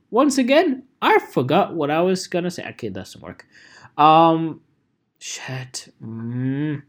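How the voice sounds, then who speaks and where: Man, podcast host, casual monologue, swears a lot, rambles, slow unhurried delivery. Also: fairly high pitch. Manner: profane, rambling, self-deprecating.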